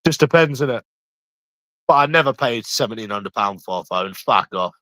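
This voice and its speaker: A man's voice: mid-range voice, expressive, moderate pace, pushed and bright, no echo, low-quality recording. A man with a London accent, chatting casually on a live stream from a room at home, brash and rambling with heavy swearing.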